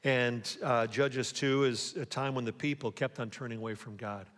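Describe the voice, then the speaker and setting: Pastor preaching in a reverberant hall. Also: male voice, medium pitch, steady tone, moderate pace, a bit bright. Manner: conversational preaching, asks the congregation rhetorical questions. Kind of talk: sermon.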